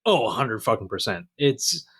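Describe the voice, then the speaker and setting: A man's voice: fairly low pitch, normal speed, breathy edge. Laid-back man hosting a podcast. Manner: laid-back, profane, deadpan jokes. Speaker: podcast host. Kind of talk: casual podcast chat.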